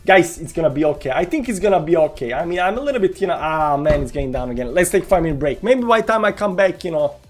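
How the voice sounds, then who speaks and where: A man's voice: a little high, quick pace, few pauses, faint music behind. A man live-streaming his crypto trades, moaning in despair at losses and cheering at gains, talking to his viewers. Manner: swings between groaning despair and excited cheering; dramatic, self-mocking, talks to chat. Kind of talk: live-stream commentary on a trading chart.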